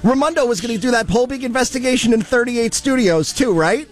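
A male co-host talks fast in a fairly high voice, pressing his argument. Faint music runs behind him. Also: lively intonation. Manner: argumentative, insistent. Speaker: radio co-host. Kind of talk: casual radio banter.

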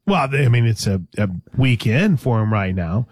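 A man's voice: mid-range voice, lively intonation, moderate pace, darkish tone, slightly rough, no echo, clean studio sound. A man hosting a sports talk show, chatting casually and teasing his co-host, often restarting his sentences.

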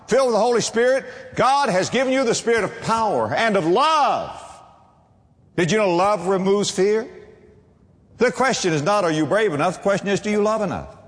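A man preaching a sermon as pastor, emphatic, swinging between low and high. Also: in a large hall.

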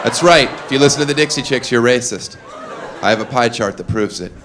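A man doing a stand-up comedy set, mostly deadpan one-liners broken by sudden loud shouted character voices. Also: medium pitch, a little fast, background noise. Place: comedy club stage before a live audience. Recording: live club recording with loud crowd.

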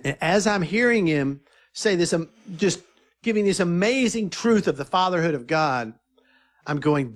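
High-voiced animated man telling stories. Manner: animated, eager storyteller who quotes others. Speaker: filmmaker guest. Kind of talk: casual interview storytelling.

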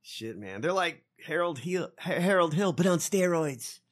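A man co-hosting a podcast in casual chat, animated and profane. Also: on the high side, normal speed. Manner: animated, profane, laughs often. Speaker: podcast co-host.

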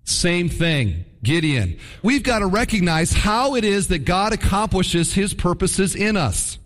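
A man preaching a sermon in an animated, conversational storytelling manner. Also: high-pitched, unhurried, in a large hall. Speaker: pastor.

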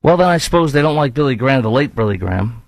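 A man's voice: mid-range voice, animated, fast talker, creaky, no room sound, rough recording. A man hosting a show of opinionated political commentary, talking in a sarcastic, argumentative way. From lives in Dallas-Fort Worth.

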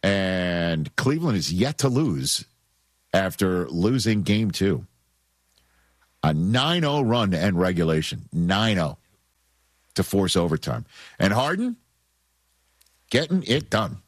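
A man's voice: deep voice, very animated, slow, pauses often, dry recording, clean studio sound. A man with a New York accent hosting sports talk radio, making his points with emphasis and repeating them for effect.

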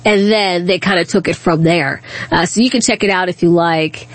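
A woman's voice: fairly low pitch, normal speed, dry recording. A woman hosting a talk radio show, telling a story in a chatty way. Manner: chatty, storytelling, laughs easily. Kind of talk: casual talk radio monologue. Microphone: studio microphone.

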